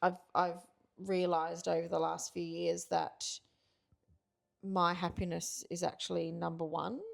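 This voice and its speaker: Middle-aged woman co-host, gravelly low tone, candid and halting. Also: level tone. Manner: reflective, frank, halting with fillers. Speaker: podcast co-host. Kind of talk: casual couples chat.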